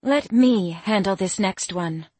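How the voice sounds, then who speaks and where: A woman narrator voicing a calm young woman who leads firmly and reassuringly. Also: medium pitch, normal speed, husky, no echo. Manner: firm and reassuring.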